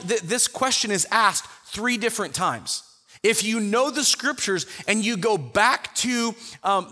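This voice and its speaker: Man, bible study teacher, lively storytelling, bright tone, echoey hall. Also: sits high. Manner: animated storyteller who acts out the quotes.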